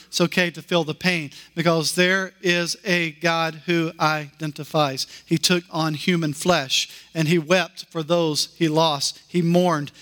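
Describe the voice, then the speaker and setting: A pastor preaches a sermon in a sharp-toned voice, making slow, emphatic declarations that he repeats as his pitch climbs higher.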